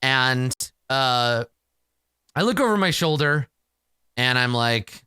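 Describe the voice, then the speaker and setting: A man's voice: medium pitch, animated, slow, pauses often, bright, forceful tone, clean tone, dry recording, studio quality. A man narrating a solo tabletop game in a casual, profane, exasperated ramble.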